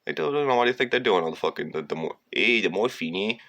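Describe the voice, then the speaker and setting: A man's voice: fairly low pitch, animated, quick pace, creaky, a bit bright. A man telling a digressive, profane story in a rambling monologue. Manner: digressive, profane, slips into sung lines and mocking voices.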